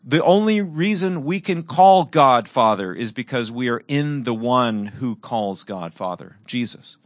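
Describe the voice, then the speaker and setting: A man's voice: medium pitch, animated, unhurried, dry recording. Earnest preaching man, dry sound. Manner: earnest, swings from bright emphasis to soft, quiet reflection. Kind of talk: sermon with personal storytelling.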